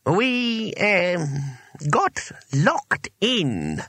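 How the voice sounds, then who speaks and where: A man voicing a pompous old male wizard teacher, speaking slowly and haughtily. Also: high-pitched, wildly swooping pitch, sharp tone, dry recording, clean studio sound, voice pushed up, heavily acted. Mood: reluctant. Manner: haughty, slow and droning.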